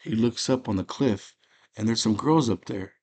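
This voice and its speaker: Casual male host, low-ish voice, animated plot retelling. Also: husky. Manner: animated storytelling, acting out character lines in quick impressions. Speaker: movie podcast host.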